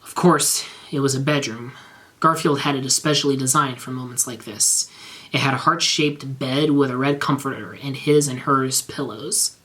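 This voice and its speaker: A man reading bad fan fiction aloud in a measured, straight-faced narration. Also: mid-range voice, fairly even intonation, pushed and bright.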